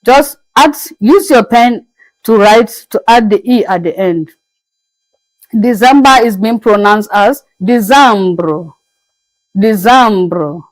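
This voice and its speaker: Woman teacher going through french words real slow, says each one twice, spells them out, dry close sound. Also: a little high, dry recording, low-quality recording. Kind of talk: slow, patient classroom lesson.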